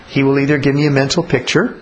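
A man's voice: medium pitch, flat delivery, fast, rough recording. Plain-spoken man teaching about prayer. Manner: blunt, colloquial, acts out little spoken exchanges.

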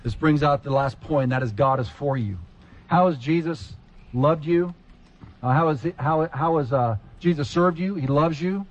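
Speaking at a moderate pace, this preacher tells a story from his childhood and performs each scene, his voice leaping abruptly in pitch. The pastor's lively sermon comes through in lo-fi sound.

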